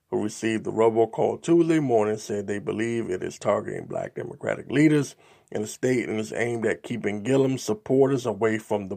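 A man's voice: fairly low pitch, creaky, warm tone. A man hosting a podcast, reading political news reports aloud and breaking off into his own asides, with frequent "um"s. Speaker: podcast host.

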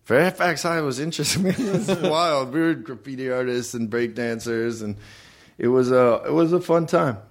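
A middle-aged man talks in an easygoing, rambling way, often breaking into laughter and letting his sentences trail off. He is a guest on a casual podcast, and his voice sits at an average pitch for a man. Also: moderate pace. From Los Angeles.

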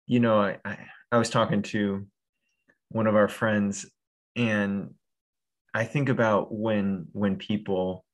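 Slow, very deep-voiced man. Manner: gentle, hesitant, many restarts. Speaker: podcast host. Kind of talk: supportive interview chat.

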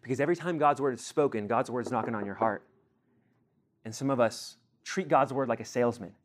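A young man teaching a sermon to a group, animated, acting out everyday scenes and quizzing his listeners. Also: medium pitch, brisk. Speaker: youth teacher.

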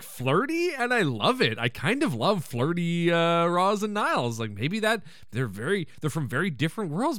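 A man hosting a podcast, casually recapping an episode in a joking, animated way with the odd swear and laugh. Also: high voice, no room sound, studio quality. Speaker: podcast host.

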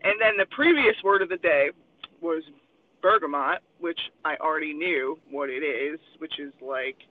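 A man's voice: on the high side, moderate pace. A man rambling in casual crude chat with friends, swearing and laughing a lot. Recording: tinny phone-like sound, faint noise.

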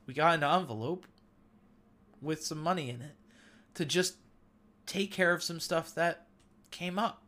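A man's voice: fairly high pitch, a little slow, pauses often, pushed and bright. A man in his thirties hosting a devotional talk, sharing an earnest, emotional testimony. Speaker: podcast host.

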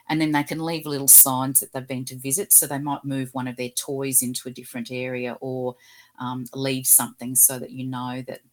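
A woman from Australia, a guest in an interview, telling gentle, animated stories about talking with animals. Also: a bass voice. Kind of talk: casual interview storytelling.

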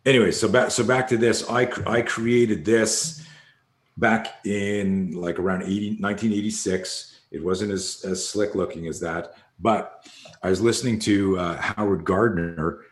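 A deep-voiced older man talks in a loose, rambling way, swearing now and then and slipping into the voices of people he quotes. His voice rings out in an echoey room. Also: steady tone, a little slow. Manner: rambling storyteller who swears freely and acts out quotes. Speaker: podcast guest, fear coach. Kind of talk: casual conversation.

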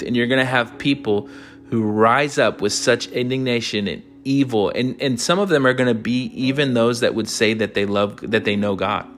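A man's voice: mid-range voice, a bit bright. A man hosting a podcast Bible study, teaching in an emphatic, conversational way and often asking "right?".

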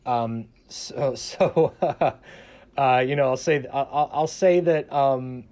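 This guest on a casual panel is a public radio journalist from the American South whose mid-range voice has a darkish tone. He moves slowly through a question, hesitant, with many fillers and false starts.

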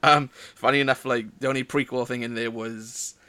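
A man's voice: mid-range voice, fairly even intonation, a little fast, bright, forceful tone, clear, resonant tone. Welsh man in rambling podcast chat. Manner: rambling, hesitant, many fillers. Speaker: podcast co-host. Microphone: headset.

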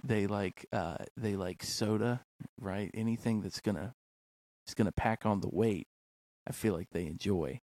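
A man's voice: on the low side, measured pace, a little mellow, no echo. Chatty, playful podcast host man. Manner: chatty, playful, many fillers like "like". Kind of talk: casual interview chat.

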